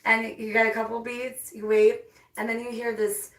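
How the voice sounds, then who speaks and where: Excitable woman in a roomy basement. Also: fairly high pitch, normal speed. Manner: excitable, repeats words when eager. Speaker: paranormal investigator livestream host. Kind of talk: casual live-stream chat. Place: indoors, basement with a pool table. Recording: roomy, distant from the mic.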